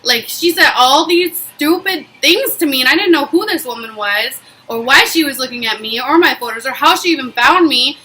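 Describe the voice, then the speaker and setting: A young woman vlogs a personal story, retelling it in a casual, animated, emphatic way packed with fillers. Her voice is high and her pace moderate, with few pauses. The recording quality is low.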